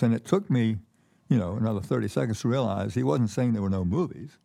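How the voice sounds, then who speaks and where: An older man, a keynote guest, telling stories in a relaxed conversational way, often repeating words and pausing with fillers. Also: lowish voice, gravelly. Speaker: keynote guest, former ambassador. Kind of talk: conversational storytelling. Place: conference stage with audience.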